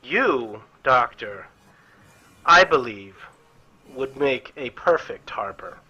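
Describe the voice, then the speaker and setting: A man's voice: mid-range voice, expressive, slow pace, sharp tone, lo-fi sound, exaggerated voice. A man putting on an earnest priestess. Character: female priestess, poised, earnest, secretive.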